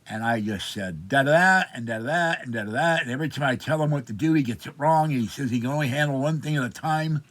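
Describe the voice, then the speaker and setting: A man's voice: mid-range voice, quick pace, hardly any pauses. A man in his seventies from Pittsburgh, telling an indignant, rambling story of complaint in a personal vlog. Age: 70s. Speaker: vlogger.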